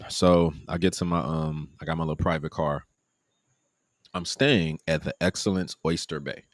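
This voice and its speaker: Animated gravelly man telling a travel story. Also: dry recording, studio quality. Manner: animated, acts out quoted people in a higher voice. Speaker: vlogger live-streaming his trip. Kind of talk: casual storytelling.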